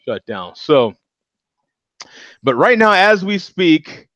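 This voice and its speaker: A man's voice: high-pitched, very animated, slow pace, fairly bright tone, no room sound. A man hosting a casual beer chat show, talking loosely and chuckling as he rambles. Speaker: host.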